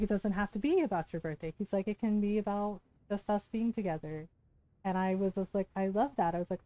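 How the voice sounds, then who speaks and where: A woman's voice: medium pitch, dark tone, no echo, low-quality recording. A woman game streamer chatting casually, animatedly telling a personal story, quoting people and laughing often. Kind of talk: casual storytelling chat while gaming.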